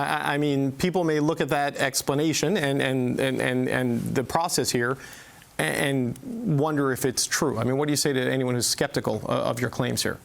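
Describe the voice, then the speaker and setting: A man interviewing a political candidate, asking skeptical questions in a hesitant, halting way with many fillers. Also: medium pitch, creaky.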